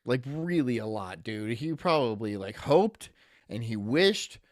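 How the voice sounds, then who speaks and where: A man's voice: medium pitch, animated, unhurried, dry recording, clean studio sound. A man streaming casually, reading chat aloud and rambling through jokey asides.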